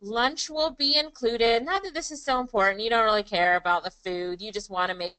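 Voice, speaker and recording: A woman's voice: on the high side, brisk, sharp tone, poor audio. A woman presenting a live online class in an upbeat, chatty way, calling on viewers by name. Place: Kingston, Jamaica.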